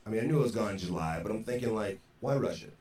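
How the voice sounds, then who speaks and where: Deep-voiced man telling a frank story. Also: rapid-fire, darkish tone, faint music behind. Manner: frank, conversational, frequent "you know". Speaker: podcast guest. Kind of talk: casual storytelling. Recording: roomy echoey sound, faint background noise.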